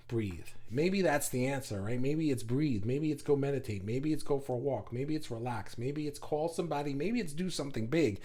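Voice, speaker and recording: A man's voice: medium pitch, normal speed, few pauses, warm tone. A middle-aged man with a New York accent, hosting a casual live chat, reading viewer comments aloud, laughing often and stumbling over his words.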